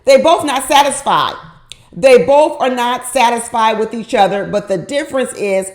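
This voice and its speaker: A woman with a slightly high voice gives her frank take on a reality show in a casual, conversational way. She drives home each point by repeating it and often turns to the listener with rhetorical questions. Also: animated, moderate pace. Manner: emphatic, repeats points for effect; opinionated, asks the viewer rhetorical questions. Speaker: reality TV commentator. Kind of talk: casual reaction commentary.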